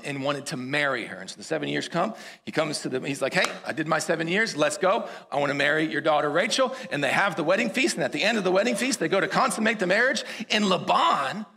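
A man preaches a sermon, retelling a Bible story in an animated, conversational style with rising emphasis and casual asides. His voice is high-pitched, creaky, and husky.

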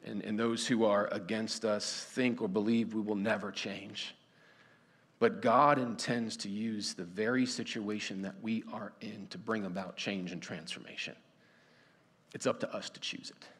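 Earnest preacher in a reverberant hall. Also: male voice, mid-range voice, pushed and bright. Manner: earnest, conversational, many restarts and fillers. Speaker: pastor. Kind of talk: sermon. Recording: long reverb of a church hall.

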